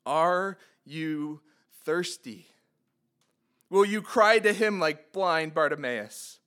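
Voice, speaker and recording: Reading scripture aloud at a slow pace, a preacher with a fairly high, smooth, somewhat bright voice puts earnest rhetorical questions to his listeners. He grows more fervent on quoted cries.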